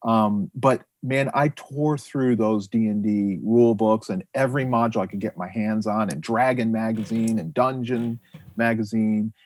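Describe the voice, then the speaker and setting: A middle-aged man chatting on a podcast as a guest, telling stories in an animated, rambling way with many restarts. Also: fairly low pitch, normal speed, no room sound. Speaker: guest author and illustrator. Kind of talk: casual podcast chat.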